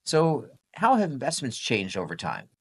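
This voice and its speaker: A man's voice: medium pitch, huge pitch swings, moderate pace, husky. A man hosting a podcast, chatting casually and rambling with frequent restarts. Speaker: podcast host.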